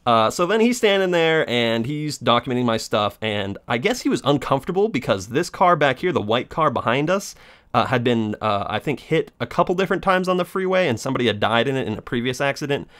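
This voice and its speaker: A young man vlogging a casual story about his day, swearing freely and sarcastically mimicking people he met. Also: brisk. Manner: animated, profane, sarcastic, mimics others in high voice.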